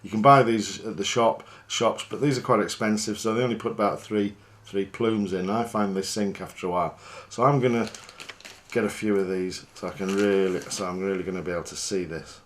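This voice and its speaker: A fishing guide talks through tying a fly, chatty and easygoing. He pokes fun at himself as he goes. His voice sits fairly low. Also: a little fast. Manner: chatty, relaxed, self-deprecating.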